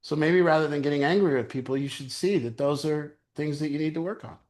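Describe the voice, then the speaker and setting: A man's voice: a little high, quick pace, darkish tone. A middle-aged man leading a recovery group, telling candid stories with crude humor and laughter. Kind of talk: group sharing talk.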